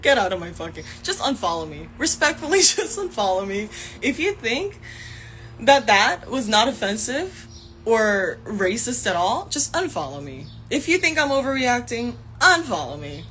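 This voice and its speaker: Young woman, fired-up livestream rant, swings up and down in pitch, swears a lot, faint noise behind. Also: big pitch swings, moderate pace, fairly bright tone. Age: young adult. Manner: angry, heated, swears often, laughs in frustration. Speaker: actor streaming live. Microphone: phone.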